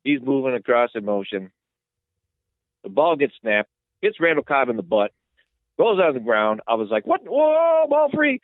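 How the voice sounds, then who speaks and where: A man co-hosting a sports podcast, retelling plays in a rambling, excitable way. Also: medium pitch, moderate pace, pauses often, no room sound. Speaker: podcast co-host. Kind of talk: casual sports chat. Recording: tinny phone-like line, dry.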